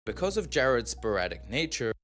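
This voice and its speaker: A man's voice: medium pitch, big pitch swings, a little fast, a bit bright. Man narrating a scripted video essay.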